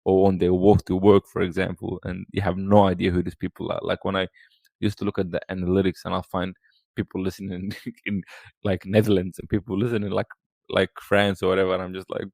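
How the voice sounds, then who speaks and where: A podcast guest, talking casually and rambling with lots of fillers and restarts. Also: male voice, deep voice, monotone, fairly quick, vocal fry, darkish tone, no room sound. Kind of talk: casual chat.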